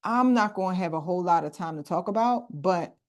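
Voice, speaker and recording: An animated woman leads a group workshop over a video call. She teaches casually and speaks right to her listeners, slipping into slang as she explains. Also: lowish voice, fairly quick. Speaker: coach leading a group workshop.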